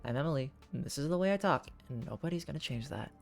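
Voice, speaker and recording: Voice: mid-range voice, lively intonation, fast talker, vocal fry, soft background music. A gamer reading aloud as a blunt, socially awkward young woman researcher who turns defensive and stammers. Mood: defiant.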